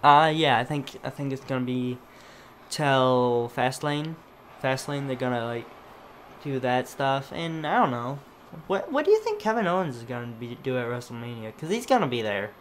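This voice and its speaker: A man's voice: mid-range voice, very animated, normal speed, fairly bright tone, slight background noise. Hesitant man chatting about wrestling. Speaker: co-host. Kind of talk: casual wrestling review chat.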